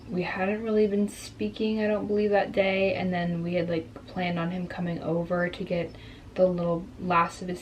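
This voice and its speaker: A woman's voice: lowish voice, a little hiss or hum. Candid young woman vlogging. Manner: reflective, earnest, openly emotional. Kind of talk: candid personal storytelling.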